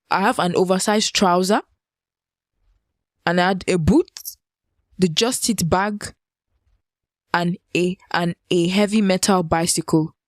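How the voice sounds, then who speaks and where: A woman hosting a podcast, telling a personal story in a casual monologue, animated and repeating phrases for effect. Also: dry recording, clean studio sound. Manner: animated, jumps up in pitch for emphasis. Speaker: podcast host.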